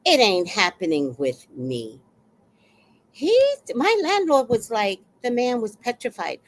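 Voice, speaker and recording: A woman in her sixties telling a story on a casual livestream, blunt and fiery, with sudden loud outbursts. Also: medium pitch, big pitch swings, unhurried. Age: 60s.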